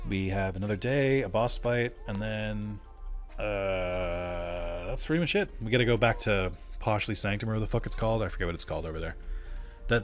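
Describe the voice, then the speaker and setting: Rambling young man doing game commentary. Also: fairly low pitch. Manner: rambling, self-deprecating, swears casually. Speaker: let's play creator. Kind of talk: casual gameplay commentary.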